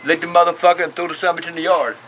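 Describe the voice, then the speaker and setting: Older man, blunt and profane, with a high, bright, sharp voice. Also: little pitch movement, very fast, a little hiss or hum. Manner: profane and blunt, peppered with curses. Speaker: show host answering viewer questions. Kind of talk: casual talk to camera.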